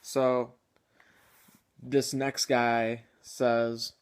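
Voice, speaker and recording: A man hosting a gaming channel offers casual video game commentary at a normal speed, his medium-pitched voice fairly even in intonation. He chats loosely, using lots of filler words and chuckling now and then.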